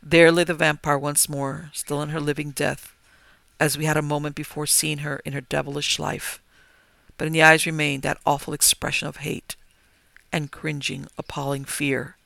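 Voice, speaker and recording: A man narrating a gothic horror story in a measured, grave manner. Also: a little high, flat delivery, gravelly, no room sound. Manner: measured, grave, rising to forceful cries. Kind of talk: dramatic gothic story reading.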